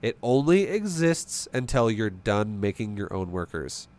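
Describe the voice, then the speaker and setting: A man streaming a strategy game, explaining his play in an animated, swearing, rhetorical way. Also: on the low side, measured pace. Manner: animated, profane, rhetorical questions. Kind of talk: live-stream commentary.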